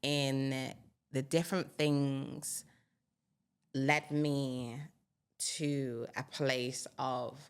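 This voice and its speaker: A woman in her thirties speaks as an interview guest, with a strikingly deep voice. Her tone is gravelly with a steady fry underneath. She talks in an open, reflective, personal way. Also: drawn-out words. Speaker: guest, singer. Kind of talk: candid interview conversation.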